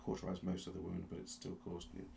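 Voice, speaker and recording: A man narrating a tabletop game as game master, telling the story slowly and with suspense, often restarting his sentences. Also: low voice, monotone, creaky, warm tone. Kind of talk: dramatic second-person narration of a tabletop game.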